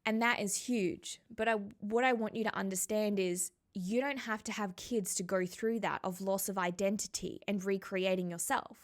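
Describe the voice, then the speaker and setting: A woman and spiritual coach telling a personal story to the camera in a reflective, heartfelt and conversational way, slowing down on emotional words. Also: medium pitch.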